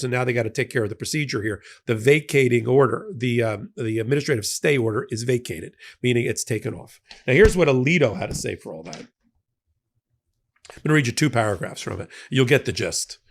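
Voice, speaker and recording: A middle-aged man talks through a court decision in a casual explanatory manner. His voice sits in an ordinary mid range, and he pauses on fillers and restarts as he unpacks each point. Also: mid-range voice, animated. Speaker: legal commentator. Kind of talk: legal analysis commentary.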